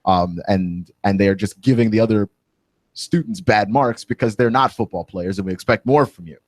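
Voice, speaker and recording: A man's voice: lowish voice, moderate pace, dry recording. Indignant male talk radio host, dry sound. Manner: indignant, opinionated ranting with rising emphasis. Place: radio studio.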